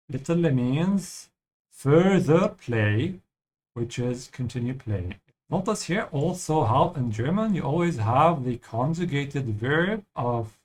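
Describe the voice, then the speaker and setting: A man's voice: mid-range voice, a little mellow. Patient male language teacher. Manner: patient, explanatory, ends points with a checking "yeah?". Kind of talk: explanatory lesson over gameplay.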